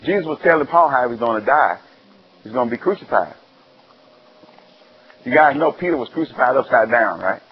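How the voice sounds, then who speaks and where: A man preaching a sermon, telling stories with animated ups and downs in his delivery. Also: fairly quick, long pauses, slightly rough, lo-fi sound. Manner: animated storytelling, rising high and loud when excited.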